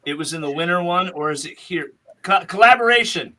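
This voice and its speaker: A man's voice: sits high, animated, a little fast, crowd noise. A man hosting a podcast, chatting casually in a rambling way and laughing often. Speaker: podcast host.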